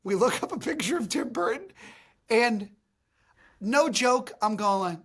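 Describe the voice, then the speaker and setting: A man's voice: high voice, lively intonation, measured pace, a bit bright, husky. Joking, self-deprecating male podcast host. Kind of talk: casual chat.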